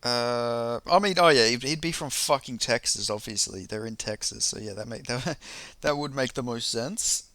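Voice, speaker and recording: A young man venting in a casual fight-commentary vlog, rambling and cursing as he gets worked up. His voice is bright and crisp, heard close in a dry room with no echo. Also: mid-range voice, normal speed. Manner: profane, rambling and heated. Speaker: MMA commentator.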